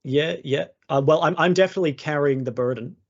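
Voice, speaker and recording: A man's voice: a little high, a little fast, highs cut off. A man co-hosting a casual sports podcast, agreeing along, laughing and hesitating with fillers. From Australia. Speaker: podcast co-host.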